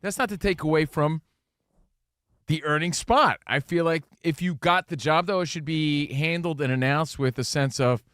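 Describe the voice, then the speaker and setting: A man's voice: on the high side, moderate pace, dry recording, studio quality. A young adult man co-hosting a sports talk radio show, ranting emphatically in casual banter and acting out quotes. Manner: animated, emphatic ranting, acts out quotes in voices.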